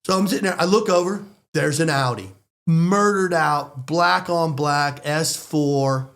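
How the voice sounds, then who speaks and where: An American man telling a story in a lively, excitable way, speaking in quick bursts. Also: a little high, gravelly, a little hiss or hum. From United States. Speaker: storyteller guest. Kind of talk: animated storytelling.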